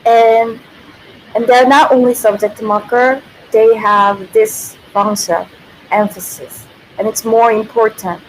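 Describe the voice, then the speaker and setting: A woman's voice: on the high side, fairly even intonation, slow pace, a little hiss or hum, rough recording. A woman, a native Korean speaker, giving a casual livestream language lesson who thinks aloud, corrects herself and laughs often.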